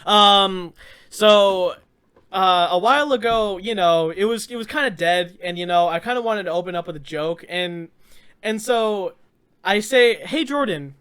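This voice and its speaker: A young man co-hosting a podcast over a voice call, telling stories in a casual, animated way and laughing often. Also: sits high, unhurried, clean tone, no echo. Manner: animated, laughs a lot, fillers and restarts. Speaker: podcast co-host. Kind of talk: casual storytelling chat. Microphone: remote voice call.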